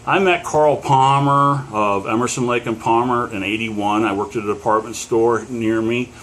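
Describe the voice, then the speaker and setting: A man's voice: medium pitch, steady tone, moderate pace, fairly bright tone, a little hiss or hum. A middle-aged man from Pennsylvania telling a story casually to the camera, rambling with many fillers and chuckles. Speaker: collector.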